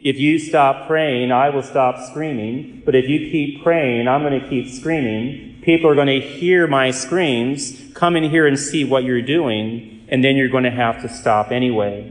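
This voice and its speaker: A man's voice: medium pitch, a little slow, hardly any pauses, close to an everyday voice. A man voicing a taunting, defiant demon in a mocking, threatening tone. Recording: echoey hall reverb.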